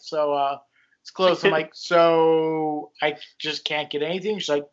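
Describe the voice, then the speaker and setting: A man's voice: on the high side, fairly even intonation, normal speed. A young man casually telling a rambling, self-mocking story as a podcast co-host. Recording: dull lo-fi sound.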